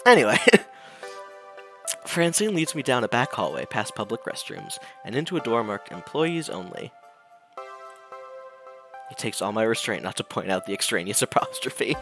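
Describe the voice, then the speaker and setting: A male streamer reading and narrating a visual novel, animated and jokey, laughing often. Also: mid-range voice, normal speed, music in the background.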